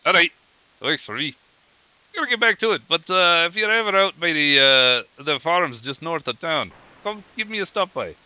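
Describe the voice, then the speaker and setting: A man plays a chatty, cheerful dwarf farmer in a tabletop game, upbeat and easygoing. His voice is bright and crisp. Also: on the high side, lively intonation, moderate pace, dry recording, voice pushed up, low-quality recording. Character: friendly male dwarf delivery farmer.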